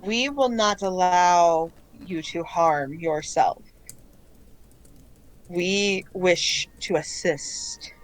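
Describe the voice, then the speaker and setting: A woman voicing the calm, collective voice of a sentient alien plant, speaking in measured, formal sentences. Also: fairly low pitch, poor audio.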